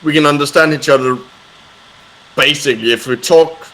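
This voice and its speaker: Man chatting haltingly. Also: fairly high pitch, a bit bright, poor audio. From Denmark. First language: Danish. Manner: halting, with many fillers and restarts. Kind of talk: casual chat on a live stream.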